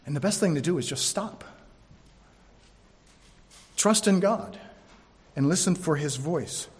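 Preacher guy, pretty high voice, goes loud then real quiet, lots of hall echo. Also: expressive. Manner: dramatic, swings between loud emphasis and hushed slow delivery. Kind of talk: sermon.

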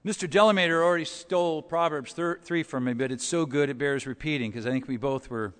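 A male pastor preaching a storytelling sermon, dropping to quiet asides and rising to loud, emphatic points. His voice sits a little high and rings with a long church reverb. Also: fast talker. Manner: storytelling, swings between soft and loud.

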